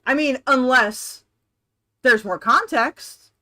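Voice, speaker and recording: A woman's voice: high voice, slow, pushed and bright. A woman streamer reacting on a live stream, blunt, profane and sarcastic.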